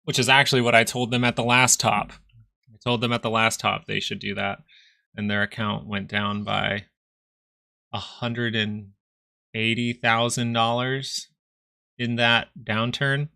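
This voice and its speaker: A man's voice: mid-range voice, flat delivery, unhurried, vocal fry, bright, forceful tone, no room sound, studio quality. A young man hosting a stock market livestream, chatting casually and loosely while out of breath. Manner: loose, rambling, slangy.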